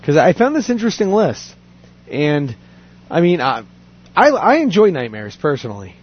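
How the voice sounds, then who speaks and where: Male host, animated, breathy edge, rambling casual chat. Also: a little high. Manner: rambling, halting restarts. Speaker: podcast host. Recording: dull lo-fi sound.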